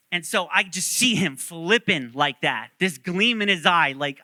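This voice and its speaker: A man's voice: high-pitched, expressive, moderate pace, sharp tone, no echo. A male pastor preaching a sermon, telling stories animatedly and joking with the congregation.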